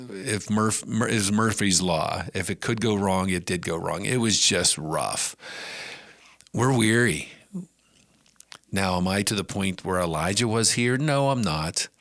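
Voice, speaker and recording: Middle-aged guy giving a casual devotional talk, lowish voice, dry close sound, earnest. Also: fairly bright tone, no echo. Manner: earnest and conversational, with emphatic rises. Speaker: podcast host and preacher.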